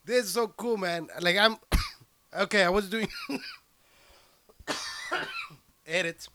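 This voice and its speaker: A young man hosting a podcast as a stand-up comic, talking in a profane, excitable, rambling way full of restarts into a handheld mic. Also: sits high, slow pace, a little hiss or hum. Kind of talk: casual rambling podcast chat. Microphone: handheld microphone plugged into a computer.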